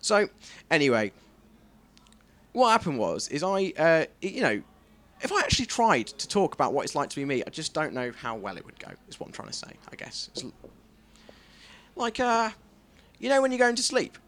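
A man performing a self-deprecating stand-up comedy set on a club stage, swearing freely and jumping into squeaky voices for his bits. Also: huge pitch swings, moderate pace, long pauses, fairly bright tone.

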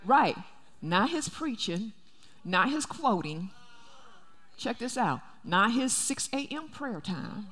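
A woman's voice: on the high side, very animated, slow pace, a bit bright, big-room sound. A woman pastor preaching a sermon, emphatic and repeating her key phrases. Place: church sanctuary.

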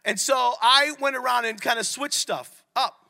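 A middle-aged man preaching a sermon at a men's ministry, animated and often asking the audience questions. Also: extremely high pitch, normal speed, vocal fry. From Italian heritage. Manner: animated, asks the crowd questions.

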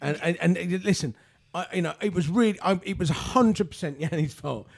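A blunt man gives his opinions on a casual podcast in a slightly higher voice. He swears freely and speaks his mind plainly. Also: a little fast, creaky. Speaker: regular podcast pundit. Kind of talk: casual chat.

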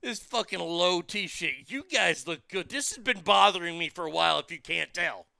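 A man's voice: high voice, normal speed, vocal fry, sharp tone, dry recording. A man delivering a profane, mocking comedic rant, stumbling over restarts as he tells the story.

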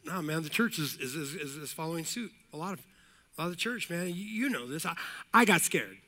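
Male pastor, high voice, energetic sermon, repeats phrases, calls of amen. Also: brisk. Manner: energetic, repetitive, jokey asides, calls of amen.

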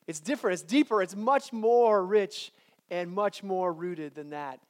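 A man's voice: high voice, expressive, unhurried. A man giving a chapel sermon, talking conversationally with frequent restarts and then building to emphatic declarations. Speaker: chapel speaker.

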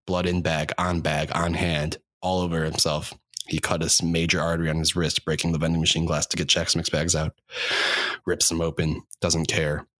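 A young man hosting a podcast, delivering a rambling comedic monologue with deadpan, self-deprecating humor. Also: rumbling low, no echo, studio quality. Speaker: podcast host.

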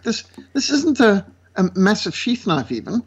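A man from South Africa with a South African accent, a guest speaker telling lively stories and acting out the voices of the people in them. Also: sits high, fairly quick, hardly any pauses, breathy edge. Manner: lively, acts out quoted voices. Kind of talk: animated storytelling. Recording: dull lo-fi sound.

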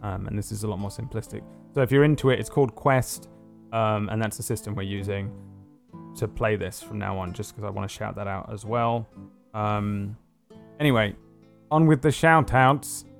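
A man's voice: on the low side, steady tone, normal speed, vocal fry, faint music behind. A man hosting a tabletop role-play stream, chatting casually with fillers and restarts. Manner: rambling, many fillers and restarts. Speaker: game master and show host. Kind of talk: casual post-game chat.

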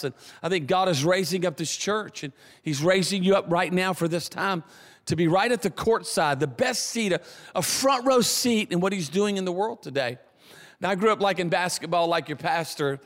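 Animated Southern Louisiana preacher. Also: male voice, high-pitched. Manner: animated, builds to excited shouts, repeats words. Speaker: guest preacher. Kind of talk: sermon storytelling. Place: church auditorium. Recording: reverberant church hall.

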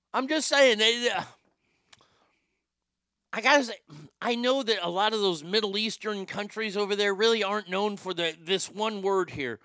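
A man's voice: sits high, moderate pace, pushed and bright, clear, resonant tone, dry recording. A man hosting a ranting commentary show, crude and mocking, often stammering and restarting his sentences. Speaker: commentary podcast host.

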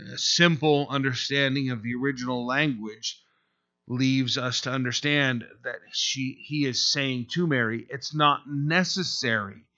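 A man preaching in a bright, forceful voice, earnest and conversational, working through the text with frequent pauses. The recording is dull and lo-fi, with the top end muffled. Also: mid-range voice. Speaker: pastor. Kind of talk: expository sermon.

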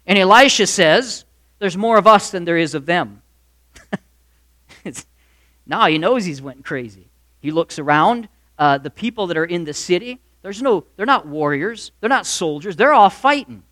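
A man preaching a sermon, retelling a Bible story in an animated way and acting out the voices of its figures. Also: sits high, normal speed. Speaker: pastor.

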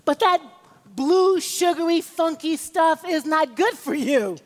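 High-voiced woman preaching in a reverberant hall. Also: animated, slow. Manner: emphatic, rhythmic preaching with calls for amen. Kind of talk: sermon. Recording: long reverb of a large hall.

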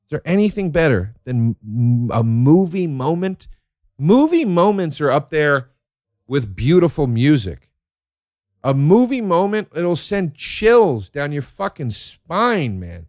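A man's voice: fairly high pitch, very animated, slow pace, a little mellow, no echo, clean studio sound. A man telling rambling, profane stories in a casual monologue, easily worked up about the things he loves.

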